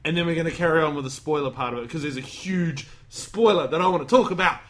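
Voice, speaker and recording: A man hosts a casual podcast, rambling through stories and jumping into quick impressions of movie lines. His voice is bright and sits a bit high. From Australia. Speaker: podcast host. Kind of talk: casual chat.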